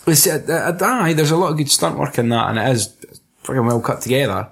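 Husky sweary Scottish man. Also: medium pitch, lively intonation, fairly quick, a bit bright. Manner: sweary, jokey, often slips into silly voices. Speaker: film reviewer. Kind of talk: casual chat.

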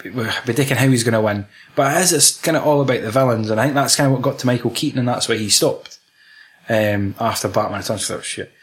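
Young scottish guy chatting about a film, laughs a lot, acts out the lines, mid-pitched voice. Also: fast, slight background noise. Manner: laughing often, acting out lines from scenes. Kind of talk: casual chat about a film.

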